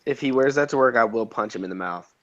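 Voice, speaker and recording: A man's voice: mid-range voice, fast, a bit bright, no echo. A man co-hosting a podcast, dropping blunt jokes in casual movie chat. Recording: dull lo-fi sound with chatter behind.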